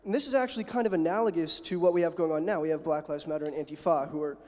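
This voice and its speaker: A man's voice: on the high side, steady tone, a little mellow. Filler-heavy man in an echoing hall. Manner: halting, many fillers, tags "right?". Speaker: student debate speaker. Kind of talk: debate floor speech. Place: university hall. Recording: long hall reverb.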